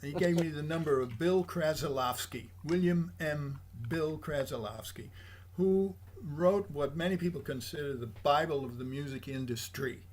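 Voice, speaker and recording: An older man, a jazz bassist, telling stories as a guest in a casual interview and acting out the voices of the people he quotes. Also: moderate pace, a little hiss or hum. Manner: animated anecdotes, acts out quoted voices.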